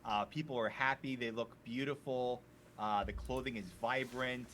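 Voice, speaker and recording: A man narrating scenes as a tabletop game master in a relaxed way, full of fillers. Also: medium pitch, moderate pace, slight background noise.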